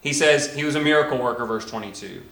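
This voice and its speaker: Animated male preacher in an echoey room. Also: medium pitch, quick pace. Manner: animated, swings from hushed to loud when voicing imagined speakers. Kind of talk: sermon.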